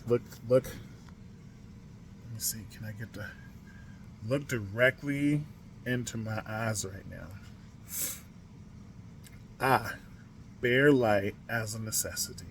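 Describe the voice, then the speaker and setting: An American man hosting a podcast alone, in a casual, emphatic monologue. His voice sits at an ordinary middle pitch, dropping low and quiet before rising into loud stresses, and he sometimes spells words out letter by letter. A faint noise runs behind him. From United States. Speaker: podcast host.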